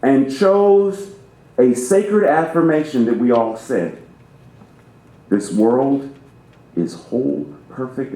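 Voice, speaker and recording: A man's voice: mid-range voice, dark tone, slight background noise. A man preaching as a guest minister, talking with theatrical emphasis and playing with how he phrases things. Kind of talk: sermon. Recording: roomy church reverb.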